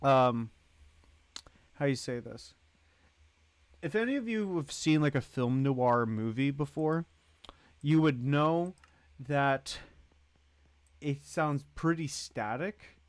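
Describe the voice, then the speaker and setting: A man's voice: medium pitch, expressive, takes it slowly, pauses often, dry recording. A man hosting a livestream, chatting casually in a rambling way and greeting and thanking viewers in the chat. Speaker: livestream host.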